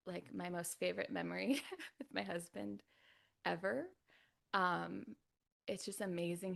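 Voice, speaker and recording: Soft-spoken woman with gravelly vocal fry. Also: lowish voice. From California, USA. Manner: soft-spoken, often drops to a near-whisper; chatty, frequent "like" fillers and laughs. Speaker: podcast guest. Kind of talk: casual birth story.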